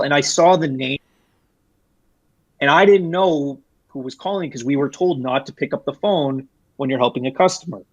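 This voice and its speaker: A man's voice: fairly high pitch, normal speed, dry recording. A young man telling a workplace story in a casual interview, rambling with restarts and fillers. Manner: rambling, frequent restarts and fillers, animated when retelling. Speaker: guest, former retail employee.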